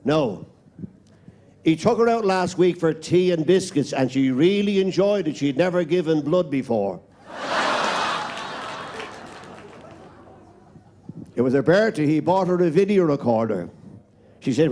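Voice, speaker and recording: A man's voice: fairly high pitch, a little mellow, slight background noise. A male stand-up comedian with an Irish accent, firing off one-liners on a live stage. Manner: rapid one-liners, quick punchlines.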